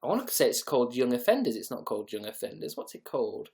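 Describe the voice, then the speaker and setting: A man's voice: medium pitch, sing-song, quick pace, gravelly, a little mellow. A man hosting a casual livestream, chatting to viewers in a rambling, sarcastic, sweary way. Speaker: livestream host.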